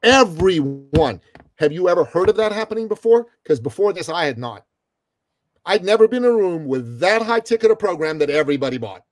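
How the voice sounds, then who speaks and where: A middle-aged man from Iran, a guest telling a story in an interview, animated and calling the host brother. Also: sits high, fast talker, no echo.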